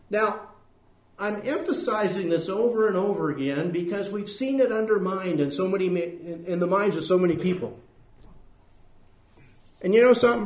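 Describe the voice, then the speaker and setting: A man preaching a sermon in an earnest, emphatic way, pushing his points home with question after question. His voice sits high for a man, and the sound rings around an echoey room. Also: darkish tone.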